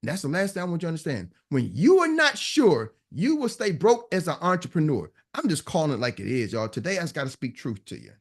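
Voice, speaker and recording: Lively high-voiced man coaching emphatically. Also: quick pace, hardly any pauses, husky. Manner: emphatic, preachy, repeats punchlines. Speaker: business coach. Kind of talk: motivational talk to a live online audience.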